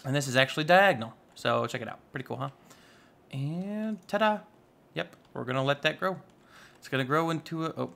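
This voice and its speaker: A man's voice: on the high side, expressive, a little fast, vocal fry, fairly bright tone. A man giving casual, chatty commentary while playing a modded block-building game, rambling with playful asides. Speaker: Minecraft YouTuber.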